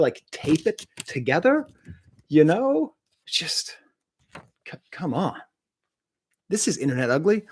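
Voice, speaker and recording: A French teacher who also reviews music chats casually on a livestream from a room at home. His mid-range voice comes through clean, studio-quality and echo-free as he rambles, pokes fun at himself, and fills the gaps with plenty of uhs.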